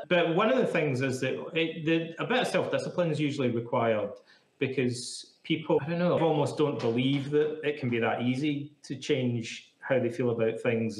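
A man being interviewed as a psychotherapist, explaining things in a chatty, casual way full of "like" fillers. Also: mid-range voice. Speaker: psychotherapist guest. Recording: echoey room.

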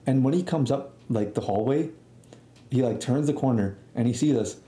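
A man's voice: mid-range voice, moderate pace, mellow. A young man telling a rambling story in a casual, slangy way, swearing freely. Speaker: storytelling streamer. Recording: echoey room.

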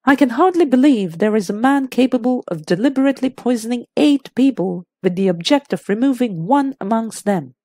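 A woman's voice: a little high, animated, fairly quick, hardly any pauses, dark tone, no echo. A woman voicing a diffident, careful middle-aged male doctor explaining things step by step.

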